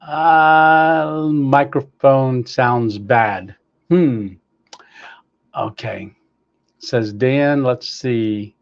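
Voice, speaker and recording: A man hosting a casual livestream, cheerfully greeting viewers by name and reading their comments, with many pauses and fillers. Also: medium pitch, highs cut off. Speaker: livestream host. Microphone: clip-on microphone, sometimes staticky.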